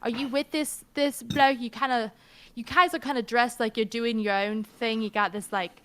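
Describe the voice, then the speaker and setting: A woman's voice: fairly high pitch, fairly even intonation, moderate pace, smooth, close to an everyday voice. A woman doing a brash, sassy mermaid with a drifting accent. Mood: indignant. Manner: accent that drifts between British, Australian and American; brash, cursing, full of herself.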